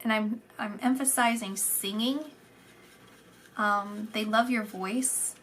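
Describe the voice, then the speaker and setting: Slow, soft-spoken woman giving a psychic reading. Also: medium pitch, steady tone. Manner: soft and meandering, repeating words, dropping into whispers. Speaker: psychic reader. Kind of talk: channelled psychic reading to camera.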